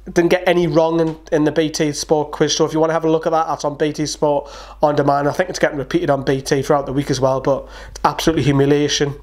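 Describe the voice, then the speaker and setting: A man's voice: fairly high pitch, level tone, a little mellow. A man with a Geordie accent hosting a casual, opinionated football match preview to camera. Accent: Newcastle (Geordie). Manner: chatty, opinionated, quick asides. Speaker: football fan channel host.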